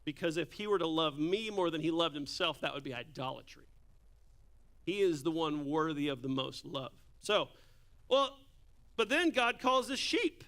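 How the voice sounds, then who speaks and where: Speaking at a normal speed, this male pastor has a slightly high, slightly bright voice. He jokes and tells stories casually while preaching over a handheld or stage microphone in the church sanctuary.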